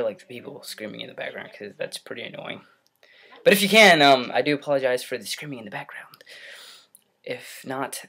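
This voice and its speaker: A man's voice: mid-range voice, vocal fry, bright, forceful tone, husky. A young man talking to his computer in his bedroom, rambling and laughing as he tells a story on his vlog. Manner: rambling, self-interrupting, laughs often. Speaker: vlogger. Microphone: computer mic.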